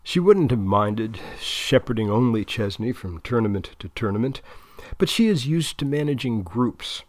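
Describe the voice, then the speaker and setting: A man giving steady, even scripted narration of a novel. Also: mid-range voice, moderate pace, no echo. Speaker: audiobook narrator.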